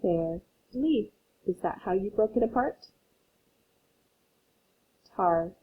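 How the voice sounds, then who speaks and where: A woman's voice: mid-range voice, lively intonation, a little hiss or hum. A woman teacher giving a phonics lesson to children, patiently reading a story aloud and explaining syllables. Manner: slow, patient, reads aloud to young learners. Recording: tinny phone-like audio.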